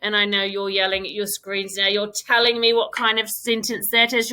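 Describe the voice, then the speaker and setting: A woman's voice: mid-range voice, moderate pace, hardly any pauses, pushed and bright. A woman teaching a recorded primary school lesson, encouraging and stressing key words with frequent repetition. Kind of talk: recorded remote lesson for children.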